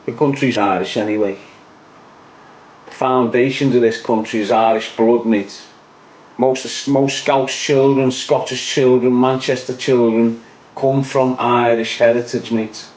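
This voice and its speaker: A man's voice: medium pitch, fairly even intonation, a little slow, darkish tone, poor audio. A young man with a Liverpool accent, ranting opinions on his online show in a casual, repetitive way, ending lines with "mate". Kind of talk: casual livestream rant.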